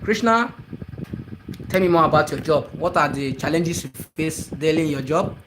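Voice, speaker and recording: A man's voice: a little high, animated, moderate pace, noisy background. A young man hosting a casual live stream, talking to viewers by name and repeating his phrases. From Nigeria.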